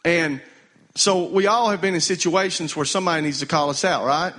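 A man's voice: on the high side, fairly quick, a bit bright. A male pastor preaching a sermon, calling on the congregation to answer him. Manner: call-and-response preaching, urging the congregation to answer.

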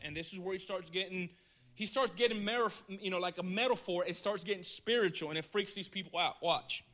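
Man, preacher, casual sermon, animated, colloquial, chuckling, very high voice, bright tone. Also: fairly quick.

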